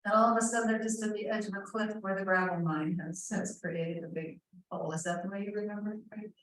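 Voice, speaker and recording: A woman's voice: mid-range voice, steady tone, fast. A woman moderating a panel discussion, speaking conversationally with some hesitant fillers. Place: museum event room. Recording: roomy echo, distant mic.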